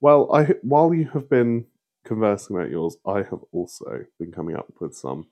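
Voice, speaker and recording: A man's voice: on the low side, sing-song, moderate pace, warm tone. A man co-hosting a podcast, chatting casually with a wry, mock-indignant manner. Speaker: podcast co-host. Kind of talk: casual chat.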